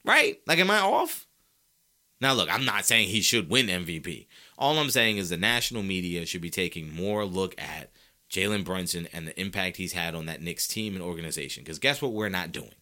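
This is a man hosting a solo sports talk show, his voice bright with a forward edge. His pitch swings widely as he makes his case. He leans on rhetorical questions and casual slang, talking straight to his listeners. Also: moderate pace. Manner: animated, argumentative, asks rhetorical questions.

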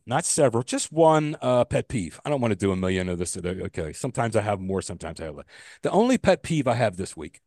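Male podcast co-host, mid-pitched, dry close sound, ranting and profane. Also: darkish tone, no room sound. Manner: ranting, swears freely, repeats and restarts. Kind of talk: casual podcast chat.

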